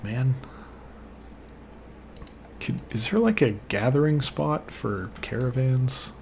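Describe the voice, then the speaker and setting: A man's voice: medium pitch, moderate pace, darkish tone, a little hiss or hum. A young man giving let's play commentary, frustrated and swearing, rambling off into personal asides. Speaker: gaming channel host.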